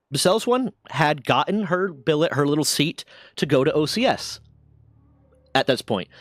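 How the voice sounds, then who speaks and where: A man's voice: a little high, no echo, studio quality. A man telling a long story in casual chat, rambling and swearing, with many restarts and self-corrections. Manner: rambling, profane, lots of restarts.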